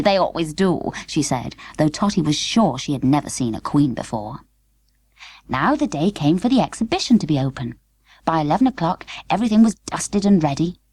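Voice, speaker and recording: A woman narrating a children's story in a lively, expressive storybook manner. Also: sits low, husky, no room sound. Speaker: audiobook narrator.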